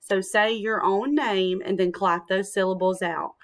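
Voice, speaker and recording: A young woman teacher giving a recorded lesson to young children, gentle and encouraging, speaking slowly and clearly into a screencast mic. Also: medium pitch, steady tone. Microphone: screencast computer mic.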